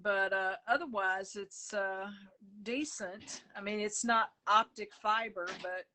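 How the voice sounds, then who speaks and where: A woman's voice: medium pitch, steady tone, takes it slowly, sharp tone. A woman, a coloring book author, chatting casually over a phone video call and telling stories with plenty of fillers. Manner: rambling storyteller with many fillers.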